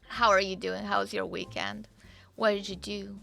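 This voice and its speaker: Young woman on stream, gravelly but bright, just chatting away to chat, swears a bit. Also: mid-range voice, level tone, moderate pace. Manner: chatty and rambling, with fillers and swearing. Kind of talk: casual live-stream chat to viewers. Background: faint game music.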